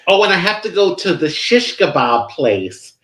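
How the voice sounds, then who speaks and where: A woman's voice: lowish voice, very animated, moderate pace, a bit bright. A woman guest in a casual interview, bubbly and playful, full of exclamations. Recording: echoey room.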